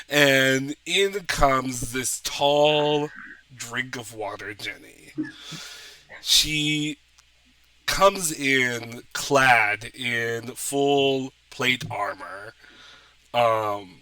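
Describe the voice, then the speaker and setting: A man's voice: medium pitch, extremely slow, sharp tone, clear, resonant tone, no echo, recorded from a distance. A man narrating as game master of a tabletop game, playful and laughing often.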